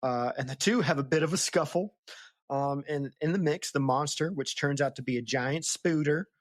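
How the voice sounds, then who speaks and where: A woman's voice: deep voice, normal speed, dry recording, clean studio sound. A woman hosting a casual book-club podcast, recapping chapters in a chatty, laughing way. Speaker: podcast host.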